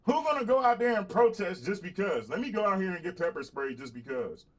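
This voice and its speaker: A man's voice: high-pitched, very animated, brisk. A man hosting a casual livestream talk show, speaking bluntly and with plenty of profanity, repeating points for emphasis, laughing between them and calling out to viewers. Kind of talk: casual livestream monologue, answering chat.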